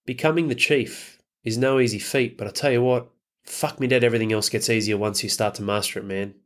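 A man's voice: medium pitch, fairly even intonation, a little fast, fairly bright tone. Blunt, swearing man. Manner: blunt and profane, rhetorical questions. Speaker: podcast host. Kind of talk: motivational monologue.

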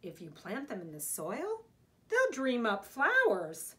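A woman's voice: on the high side, wildly swooping pitch, takes it slowly, sharp tone, heavily acted. Woman doing a grumbling grown mouse. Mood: coaxing. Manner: grumbling, weary. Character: hardworking grumbling grown male mouse gardener.

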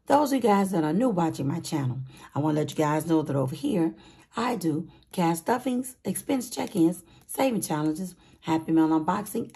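A woman hosting a casual budgeting vlog, with a raspy voice and an upbeat, chatty manner, calling her viewers sweeties and honey. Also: fairly low pitch. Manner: upbeat, excited. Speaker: budgeting channel host.

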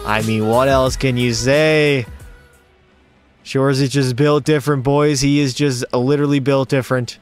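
Streaming a hockey video game, this man provides excitable play-by-play and chats with his viewers as he goes. He speaks at a moderate pace in a mid-range voice, with faint music in the background.

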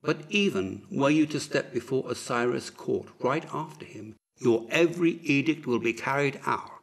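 A man reading an audiobook, voicing a dignified chancellor who speaks formally and deliberately. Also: medium pitch, expressive, creaky, pitched above the performer's own voice.

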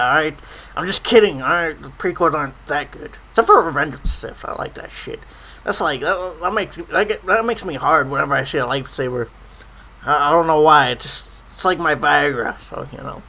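A man's voice: sits high, bright, forceful tone, low-quality recording. A man in a profane comedic rant, swearing constantly and stammering over his words. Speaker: comedy ranter.

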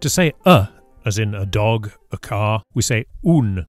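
A man's voice: fairly low pitch, lively intonation, unhurried, no room sound, faint music behind. A man teaching Spanish in a scripted lesson, explaining patiently and saying each example word carefully. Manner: careful, patient explanation with clear model pronunciations. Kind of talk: scripted language lesson narration.

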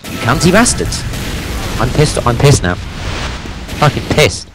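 A man commentating his own game, excitable, swearing constantly and yelling at his teammates. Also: mid-range voice, measured pace, music in the background, low-quality recording. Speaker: gamer. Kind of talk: let's-play commentary.

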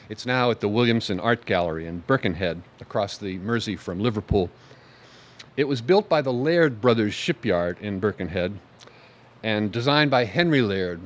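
A man giving a conversational history lecture to an audience, pointing at slides and stressing key words. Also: medium pitch.

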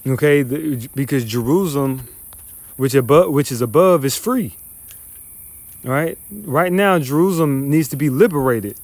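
A man's voice: mid-range voice, normal speed, a little mellow, dry recording. A man teaching the Bible verse by verse, reading passages then ranting in a profane, scornful, emphatic way. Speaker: scripture teacher.

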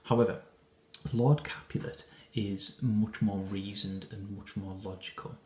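A man's voice: lowish voice, fairly even intonation, a little slow, roomy sound, slight background noise. A man teaching a lesson, walking through a scene of a play in an explanatory way with frequent hesitations and restarts. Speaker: English teacher.

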